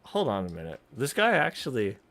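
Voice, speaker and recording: A man's voice: mid-range voice, wildly swooping pitch, fairly quick, fairly bright tone. A man streamer giving casual, profane commentary on a video, rambling with frequent restarts and asides.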